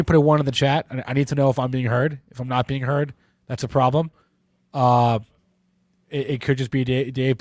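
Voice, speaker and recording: A man's voice: mid-range voice, no echo. Male livestream host, stuffy nose, rambling and self-deprecating, dry mic. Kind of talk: live market show hosting.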